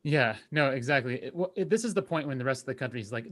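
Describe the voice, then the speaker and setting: A man's voice: medium pitch, quick pace, a bit bright. A man co-hosting a podcast in casual chat, joking and rambling, often stopping to correct himself. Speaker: podcast co-host.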